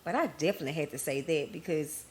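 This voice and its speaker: A woman hosts her own podcast, speaking candidly and emotionally straight to her listeners in a personal monologue. Her voice is low-pitched and quick, with background noise behind it.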